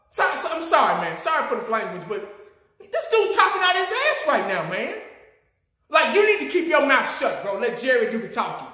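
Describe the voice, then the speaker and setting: A sports fan vlogger rants with plenty of profanity, his high man's voice bright and ringing. His pitch leaps up and down as he gets worked up. The recording sits in a very echoey room. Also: brisk. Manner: animated, profane, ranting. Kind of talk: ranting fan commentary.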